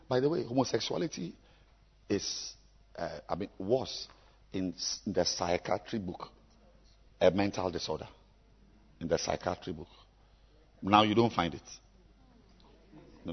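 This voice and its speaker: A man preaching a sermon to his congregation, emphatic and repetitive, with sudden loud bursts. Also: fairly low pitch, creaky, breathy edge. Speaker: pastor. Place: church. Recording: echoey church hall, dull lo-fi sound.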